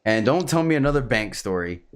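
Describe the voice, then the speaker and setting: A man's voice: medium pitch, lively intonation, fairly quick. A man from Miami, chatting casually as a podcast co-host, telling stories wryly and chuckling often. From Miami, Florida. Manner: wry storyteller, chuckles often. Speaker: podcast co-host and club dancer. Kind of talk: casual chat.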